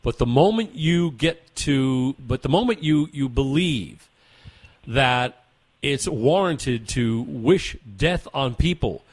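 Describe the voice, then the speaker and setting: A man's voice: medium pitch, husky, no echo. A man hosting a talk radio show, delivering opinionated commentary with emphatic, rhetorical repetition.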